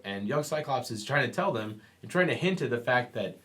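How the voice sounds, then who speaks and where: A man's voice: medium pitch, lively intonation, a little fast, hardly any pauses, a bit bright. A man co-hosting a comic book podcast, retelling scenes and reading out quoted lines in casual chat. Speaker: podcast co-host.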